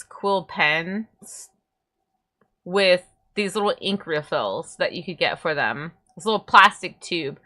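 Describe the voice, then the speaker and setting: Animated, bright-voiced woman streamer. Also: fairly low pitch. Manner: rambling, animated, stumbles over words. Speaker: VTuber streamer. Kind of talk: casual livestream chat.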